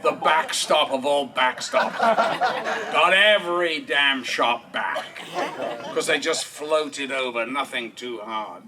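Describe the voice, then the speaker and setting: A man's voice: on the high side, takes it slowly. A man giving a eulogy at an outdoor park memorial, telling comic anecdotes and chuckling often as he talks. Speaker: speaker at a memorial service. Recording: distant mic with clear background noise.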